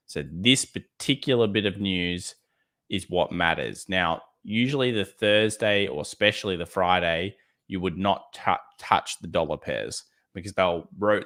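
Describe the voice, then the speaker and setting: Blunt, casual Australian man, lower voice. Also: sharp tone. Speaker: trading livestream host. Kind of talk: live market commentary reading chat.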